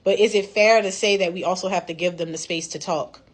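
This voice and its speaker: A woman chatting casually to camera about a book, talking the topic through and slipping into quick acted-out voices when she quotes people. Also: fairly low pitch, fairly even intonation. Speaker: book club member reviewing a book.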